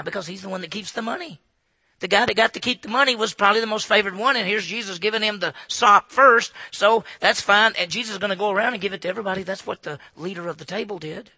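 A man preaching an expository sermon in an animated way, acting out asides in hushed voices. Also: high voice, vocal fry, slightly rough, dry recording. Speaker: pastor.

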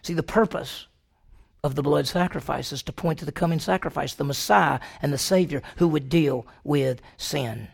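Gravelly-voiced preacher man, animated. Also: normal speed. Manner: animated preaching, rhetorical questions to the congregation; pitch jumps high when emphatic. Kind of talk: sermon.

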